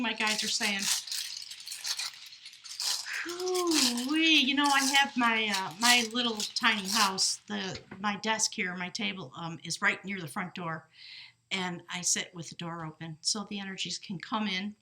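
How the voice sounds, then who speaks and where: A woman's voice: mid-range voice, normal speed, noisy background. A woman giving a casual tarot reading from her desk at home, chatty and laughing often, breaking off to question her spirit guides and correcting herself mid-sentence. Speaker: tarot reader. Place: desk in a small house by an open door.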